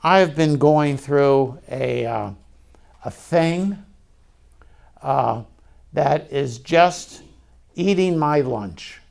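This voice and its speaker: A man preaching a sermon in a slow, conversational way, asking the congregation questions and speaking candidly about himself. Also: on the high side, gravelly, a little mellow. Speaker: pastor.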